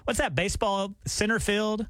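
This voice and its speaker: A man co-hosting a morning radio show, chatting and telling stories in a jokey, animated way. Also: sits high, normal speed, dry recording, clean studio sound. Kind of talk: casual radio banter. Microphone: studio microphone.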